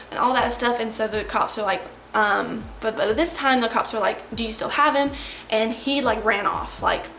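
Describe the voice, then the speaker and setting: A young woman vlogger with a fairly high voice tells a personal story in a chatty, rambling way, leaning on "like" constantly. She sounds roomy and echoey, with a faint hiss of ambience behind her. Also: fairly bright tone. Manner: chatty, filler-heavy retelling with lots of "like". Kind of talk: storytime vlog.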